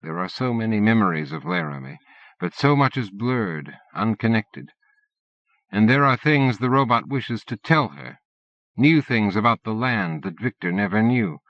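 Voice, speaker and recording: A man reading an audiobook in a steady, measured narration. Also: lowish voice, no echo. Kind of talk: scripted narration. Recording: dull dry cassette-era audiobook recording.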